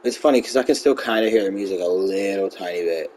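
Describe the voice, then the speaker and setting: A man's voice: low-pitched, fast talker, darkish tone, a little hiss or hum. A young man playing a wrestling video game, chatting casually with a friend and hurling profane trash talk at the screen. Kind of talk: casual gameplay chat with a friend.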